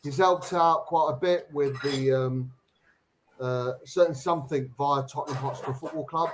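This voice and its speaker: A man's voice: mid-range voice, fairly even intonation, normal speed, slight background noise, low-quality recording. A man co-hosting a casual live stream, chatting in an easygoing, jokey way. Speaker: co-host.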